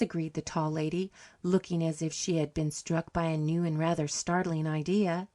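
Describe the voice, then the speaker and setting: A woman narrating a short story audiobook in a calm, measured way. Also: low voice.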